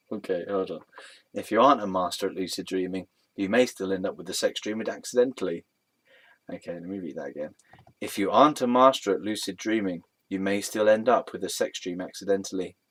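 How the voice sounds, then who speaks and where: A man's voice: deep voice, fairly quick, a bit bright. A man reading a web page aloud and mocking it, often breaking into laughter and mock-dramatic outbursts. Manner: giggly, keeps breaking into laughter.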